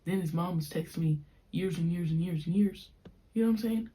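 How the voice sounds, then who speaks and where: Brief: young female podcast host, mellow lowish voice, animated casual storytelling. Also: brisk. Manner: animated, slangy and frank.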